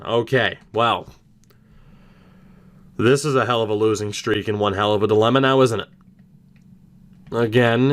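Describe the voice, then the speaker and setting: A young man giving casual let's-play commentary, thinking aloud with animated reactions and the odd swear word. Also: medium pitch, smooth. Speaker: gaming YouTuber.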